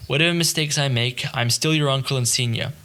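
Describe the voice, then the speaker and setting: A man's voice: mid-range voice, a little fast, sharp tone, close to an everyday voice. Guy reading as a grumpy uncle, growls, resentful tradesman, audiobook. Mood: aggrieved. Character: angry uncle, a blunt male tradesman.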